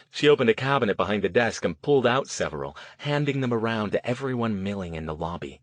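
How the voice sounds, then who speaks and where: A man reading an audiobook in measured scripted narration. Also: fairly low pitch, expressive, dry recording.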